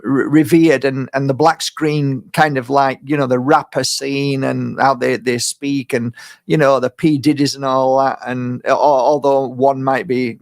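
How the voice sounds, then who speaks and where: A man's voice: mid-range voice, no room sound, studio quality. A man hosting a podcast who muses reflectively and rambles through his points with many restarts. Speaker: podcast host. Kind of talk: casual podcast chat.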